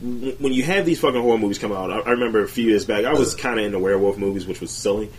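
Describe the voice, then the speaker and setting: Fast-talking low-voiced man, swearing freely. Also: a little hiss or hum, low-quality recording. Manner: rambling, heavy swearing. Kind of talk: casual chat.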